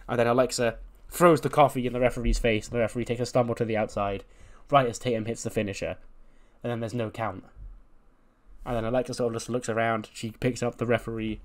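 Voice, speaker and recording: A man's voice: mid-range voice, little pitch movement, quick pace. A man casually narrating a wrestling sim playthrough in a rambling, swearing way. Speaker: game streamer.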